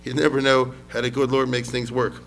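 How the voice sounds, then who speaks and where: A man's voice: mid-range voice, level tone, a little fast, fairly bright tone, faint music behind. A man lecturing on history as a rabbi, talking casually, often asking the audience questions and mixing in Hebrew words.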